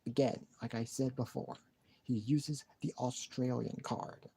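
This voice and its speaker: A man's voice: medium pitch, steady tone, unhurried, dark tone, slightly rough, no room sound. A man chatting casually on a live stream, rambling and repeating himself with sighs and restarts.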